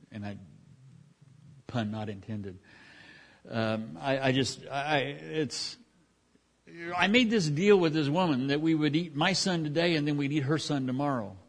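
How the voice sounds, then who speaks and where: A middle-aged man as pastor preaching a sermon, talking conversationally with frequent restarts and asides. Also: medium pitch.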